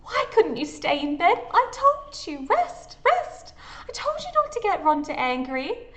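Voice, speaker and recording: A tiny, shrill fretting caretaker. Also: female voice, big pitch swings, unhurried, a bit bright, heavily acted. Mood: scolding. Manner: fussing, scolding, soothing.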